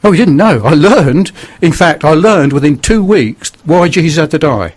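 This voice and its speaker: A man's voice: a little high, lively intonation, normal speed, slightly rough. An older man with a northern English accent, telling his life story bluntly and earnestly as a radio guest. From northern England. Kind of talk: testimony on radio.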